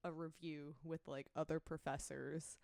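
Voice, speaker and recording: A young woman chats casually as a podcast co-host, telling her stories with a lot of "like". Her voice sits on the low side and sounds dry and close to the mic. She gets animated when she tells a story. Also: a little slow, vocal fry, no echo. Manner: animated storyteller, acts out her own past lines loudly; filler-heavy with frequent "like". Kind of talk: casual chat.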